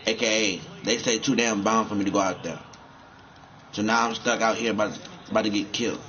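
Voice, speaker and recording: A man's voice: fairly low pitch, fairly even intonation, fairly quick, a bit bright, lo-fi sound. A man rambling and cursing as he comments on a game he is playing, often repeating himself. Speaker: gamer.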